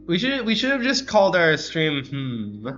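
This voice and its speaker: A man's voice: a little high, huge pitch swings, moderate pace, a bit bright, highs cut off, faint music behind. A man streaming a card game, chatting casually, rambling and correcting himself with dry sarcasm. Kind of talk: casual gameplay chat.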